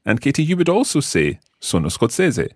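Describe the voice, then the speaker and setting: A man's voice: medium pitch, huge pitch swings, fairly quick, no echo, clean studio sound. A Scottish man teaching a podcast language lesson, patiently modelling words for learners. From Scotland.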